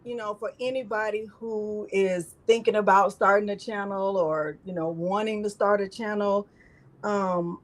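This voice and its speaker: A woman's voice: mid-range voice, steady tone, measured pace, low-quality recording. A woman hosting a live crafting stream in casual chat, rambling and emotional, often repeating herself.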